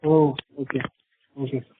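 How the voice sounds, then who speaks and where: A man's voice: mid-range voice, level tone, normal speed, noisy background. A man, an analyst formally asking prepared questions on an earnings call. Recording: narrow phone line.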